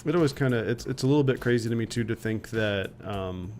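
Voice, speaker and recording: A man's voice: medium pitch, quick pace, darkish tone. A man co-hosting a casual podcast, speaking in a hesitant, easygoing way. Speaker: podcast co-host. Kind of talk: casual chat.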